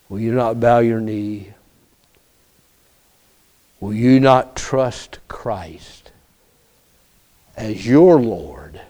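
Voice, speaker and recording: A man preaching a sermon as pastor, emphatic, with repeated rhetorical questions and drawn-out phrases. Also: lowish voice, warm tone.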